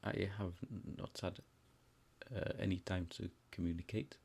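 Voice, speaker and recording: Guy doing a deep gravelly adventurer with a fake foreign accent, halting. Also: flat delivery, darkish tone, heavily acted. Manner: halting and slow to answer.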